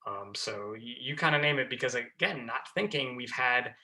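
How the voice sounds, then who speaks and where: A man's voice: medium pitch, animated, moderate pace, sharp tone. A man, a fire lieutenant, talking casually as a podcast guest, full of fillers and restarts. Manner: chatty, many fillers and restarts.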